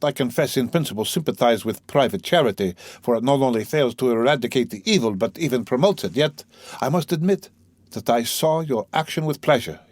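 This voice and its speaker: A man's voice: mid-range voice, dry recording, close to an everyday voice. A man reading the part of a fervent, idealistic young radical, speaking in an earnest, eager, lecturing way.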